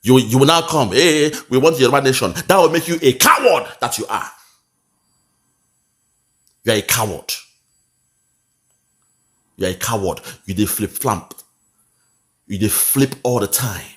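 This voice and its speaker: A man's voice: medium pitch, lively intonation, unhurried, pauses often, a bit bright. A man with a Nigerian accent commenting on a video clip in a mocking, preachy way, slipping into pidgin.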